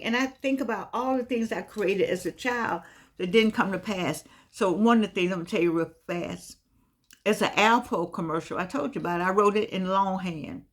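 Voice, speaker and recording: A woman vlogging in a casual, meandering monologue that often circles back and repeats itself. Some of her words come out slightly slurred because of missing teeth. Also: medium pitch. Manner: chatty, meandering, repeats herself.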